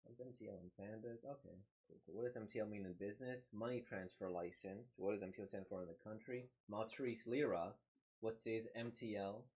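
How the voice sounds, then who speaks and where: A man's voice: on the low side, fairly quick, darkish tone, husky. A man hosting a manga reaction, rambling and thinking aloud in casual commentary.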